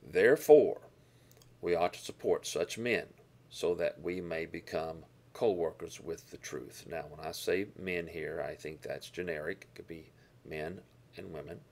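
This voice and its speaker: A man teaching a Bible lesson, explaining verses and Greek words with deliberate emphasis on key words. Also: low voice, fairly even intonation, gravelly.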